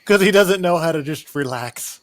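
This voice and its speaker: A man's voice: fairly high pitch, lively intonation, normal speed. A man joking around as a player in a tabletop game. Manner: wisecracking, teasing. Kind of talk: casual tabletop game chat.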